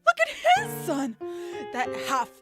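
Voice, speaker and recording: A woman's voice: high-pitched, huge pitch swings, a little slow, exaggerated voice. A woman voicing an angry, indignant mother mare who shrilly demands punishment in a fan-made cartoon. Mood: outraged. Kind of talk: fan-made animated film dub. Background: music.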